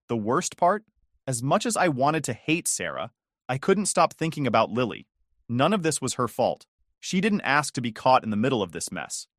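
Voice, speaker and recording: A man's voice: medium pitch, fairly bright tone, no room sound, clean studio sound. A man narrating a scripted first-person family drama story, with bitter, emphatic phrasing and rising questions.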